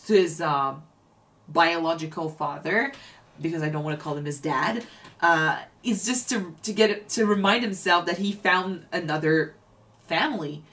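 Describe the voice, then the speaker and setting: A woman's voice: fairly low pitch, normal speed, fairly bright tone. Woman musing over a TV episode. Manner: thoughtful, restarts sentences often. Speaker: reaction channel co-host. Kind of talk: casual reaction chat.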